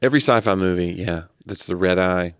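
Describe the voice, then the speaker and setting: A man co-hosting a podcast, telling animated, jokey stories in casual chat. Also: deep voice, fairly quick, clean tone, no echo, clean studio sound. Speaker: podcast co-host.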